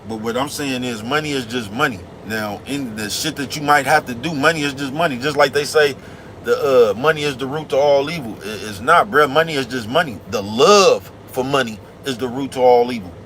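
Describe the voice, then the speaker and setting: A man's voice: medium pitch, brisk, fairly bright tone. A man driving a big truck, rambling and preaching in slangy, casual talk to his viewers. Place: cab of a big truck on the road. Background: faint traffic noise.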